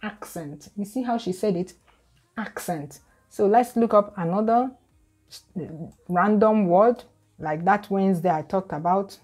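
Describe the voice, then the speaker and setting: A Nigerian woman with a Nigerian accent, a YouTuber, talks casually to camera for her viewers, often repeating words as she restarts. Her voice is medium-pitched and darkish, at a normal speed, with faint music in the background.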